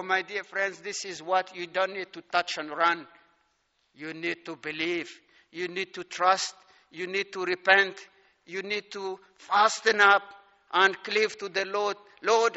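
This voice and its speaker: A man preaching a sermon, slow and emphatic, citing scripture and chuckling between points. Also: high-pitched, bright, forceful tone. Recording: dull sound with long hall reverb.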